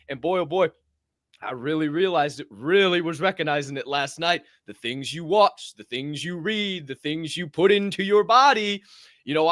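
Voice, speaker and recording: Male podcast co-host, slightly high voice, animated and profane, dry close-miked sound. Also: no echo. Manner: animated, swears freely, mocking impressions. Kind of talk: casual podcast chat.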